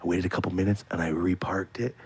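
A man in his late twenties telling a story in casual podcast chat, animated and swearing freely. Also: low-pitched, fast talker, slightly rough. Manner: animated, swears freely, acts out quoted voices.

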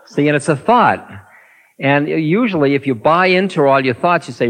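A man's voice: fairly high pitch, expressive, moderate pace, a bit bright, low-quality recording. A man teaching meditation, answering an audience question in a talk and acting out inner thoughts in little voices.

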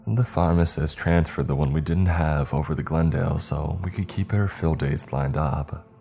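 A man's voice: extremely low pitch, normal speed, creaky, a little mellow, faint music behind. A man voicing a friendly young woman pharmacy tech who politely apologizes. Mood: apologetic.

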